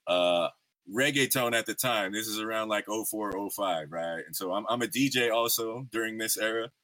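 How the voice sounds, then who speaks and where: A man's voice: on the low side, normal speed, bright, forceful tone. A man in his thirties hosting a podcast, telling stories in a laid-back, slangy way with lots of fillers. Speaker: podcast host. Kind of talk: casual interview chat.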